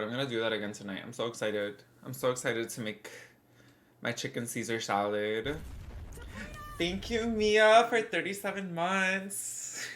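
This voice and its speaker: A woman's voice: low-pitched, sharp tone. A young woman in her twenties, a bit congested, rambling casually as she answers her livestream chat.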